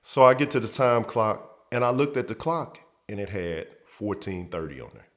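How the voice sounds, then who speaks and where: Low-voiced male host, relaxed storyteller who repeats words as he goes. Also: moderate pace. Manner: repeats and restarts words, acts out quotes. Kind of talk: casual storytelling.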